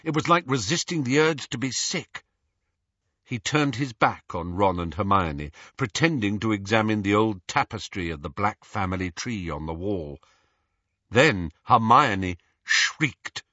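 An audiobook narrator with a lowish voice reads a scripted story aloud, expressive and measured. The recording is dry, dull, and lo-fi.

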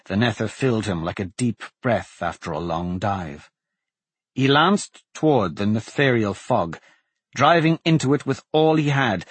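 A man narrating a fantasy audiobook in a measured, steady reading. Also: mid-range voice, husky, no echo.

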